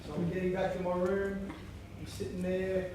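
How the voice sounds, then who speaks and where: Man, keynote speaker, high voice, energetic, echoey hall, distant mic. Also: background noise. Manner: energetic, chants and acts out inner voices. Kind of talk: conference keynote talk. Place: large conference hall.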